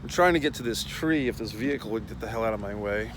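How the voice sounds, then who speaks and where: A man's voice: lowish voice, quick pace, background noise. A middle-aged man hosting a casual, profane rant while walking outdoors. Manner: blunt, profane, rambling. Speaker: host.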